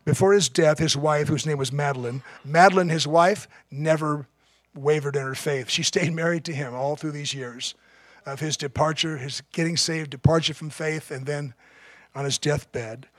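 A man's voice: on the high side, moderate pace, no room sound. Earnest male pastor preaching. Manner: earnest storytelling, emphatic. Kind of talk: sermon.

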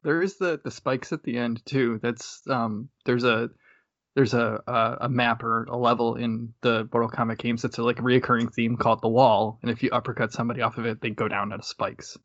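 A man's voice: mid-range voice, steady tone, fairly quick, a bit bright, no room sound. A man co-hosting a podcast, chatting casually about a movie and explaining video game details with a laugh. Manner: knowledgeable game fan, laughs. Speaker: podcast co-host. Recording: dry lo-fi audio.

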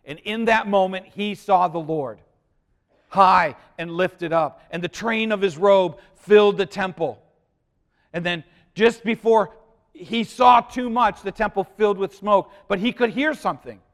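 Man preaching, hushed then emphatic. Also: measured pace. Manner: preaching with swings from loud emphasis to hushed, low delivery; asks the congregation questions. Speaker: pastor. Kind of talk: sermon.

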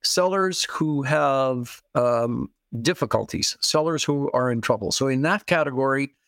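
A man's voice: medium pitch, unhurried, gravelly, fairly bright tone, no echo. Man explaining real estate deals, dry sound. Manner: plain, repeats key phrases, acts out quoted people. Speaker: real estate investing guest expert. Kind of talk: interview, explaining with worked examples.

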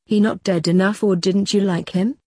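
A woman's voice: mid-range voice, steady tone, normal speed, warm tone, dry recording, close to an everyday voice. A woman voicing a dry-witted young man who teases his father. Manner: dry and teasing.

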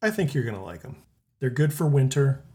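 An easygoing man hosting a podcast, chatting loosely and chuckling often. His voice sits at a medium pitch for a man. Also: lively intonation, fairly quick, warm tone. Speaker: podcast host. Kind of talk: casual chat.

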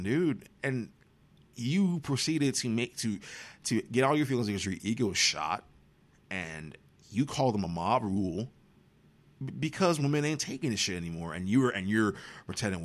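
A man's voice: mid-range voice, expressive, moderate pace. A man hosting a podcast, giving profane, sarcastic commentary on movie news. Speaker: podcast host.

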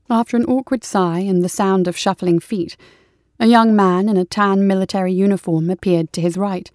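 An audiobook is read by a woman with a mid-range voice who keeps her storytelling steady and even at a normal pace. There's no echo, just clean studio sound.

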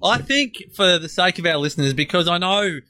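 Bright, enthusiastic man. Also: high-pitched, lively intonation, brisk. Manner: enthusiastic, playful hyperbole. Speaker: podcast co-host. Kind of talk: casual podcast chat.

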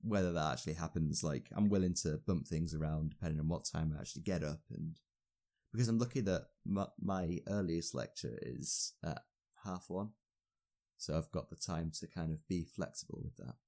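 A man's voice: sits low, normal speed, vocal fry, dark tone. A young man, a university student, chatting casually and rambling a little with fillers. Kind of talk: casual podcast chat.

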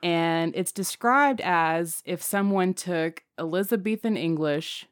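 A woman's voice: on the low side, slow pace, dry recording, clean studio sound. A woman co-hosting a podcast, telling a story in casual chat and laughing often. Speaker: podcast co-host.

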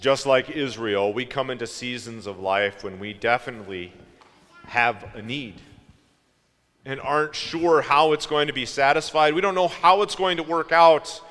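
A man preaching a sermon in a slow, reflective way, asking his listeners questions. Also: mid-range voice, a bit bright, in a large hall.

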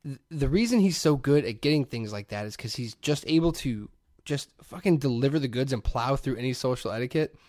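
A man's voice: mid-range voice, expressive, fairly quick, a little mellow, dry recording, studio quality. A man, telling a story animatedly in a casual podcast chat, laughing and swearing freely. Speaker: podcast co-host.

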